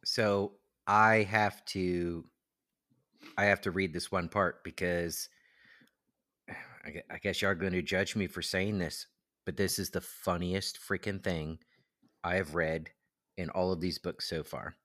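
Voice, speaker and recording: A man co-hosting a podcast, casually telling animated stories and swearing freely. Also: deep voice, a little slow, no echo, clean studio sound. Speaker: podcast co-host. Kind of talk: casual chat.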